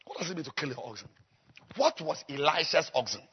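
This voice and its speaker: A man preaching a sermon as a pastor, dropping to low murmurs and rising to high shouts. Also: expressive, brisk, slightly rough, highs cut off. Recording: long hall reverb.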